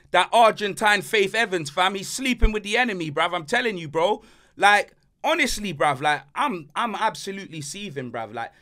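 A man's voice: high-pitched, sharp tone. A man hosting a casual banter podcast, ranting animatedly in heavy slang. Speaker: podcast host.

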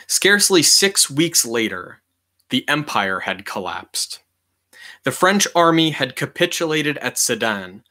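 Forceful man reading history aloud. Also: medium pitch. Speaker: reader of a history book. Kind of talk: reading a nonfiction book aloud.

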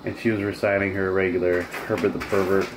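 A man's voice: deep voice, flat delivery, a little fast, slight background noise. A young man narrating his day to the camera in an upbeat, casual way. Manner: upbeat, talks straight to the camera. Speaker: vlogger.

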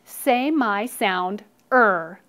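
A woman voicing a bossy female letter character who bullies another letter, in a drawn-out, threatening tone. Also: medium pitch, lively intonation, fairly bright tone. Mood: menacing.

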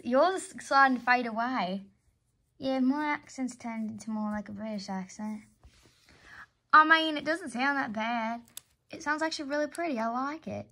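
Woman voicing all the parts in a casual doll role-play, high and bright, chatty. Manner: chatty, switches between character voices.

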